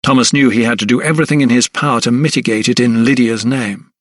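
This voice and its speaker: A man reading a historical mystery audiobook in a measured, even manner. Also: medium pitch, no room sound, clean studio sound. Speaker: audiobook narrator. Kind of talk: scripted narration.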